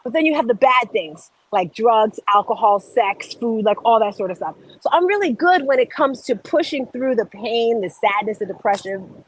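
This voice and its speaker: A woman coach chatting live to her online viewers, with a fairly high voice. She is upbeat and talkative and keeps calling out to her audience by name. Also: lively intonation, normal speed, poor audio. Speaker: life and fitness coach, show host. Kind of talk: casual livestream chat.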